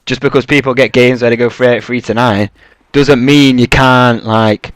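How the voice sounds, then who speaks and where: A young man talks over his gameplay in a loose, rambling way, dropping swear words and fillers. His voice sits at an ordinary middle pitch. The sound is dry and close, with no room echo. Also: fairly even intonation, normal speed. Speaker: gaming YouTuber. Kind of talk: casual gameplay commentary.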